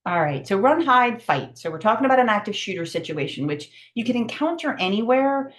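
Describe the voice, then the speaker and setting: A middle-aged woman giving a virtual safety training, brisk and emphatic with many fillers, over a video call. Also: fairly high pitch, big pitch swings.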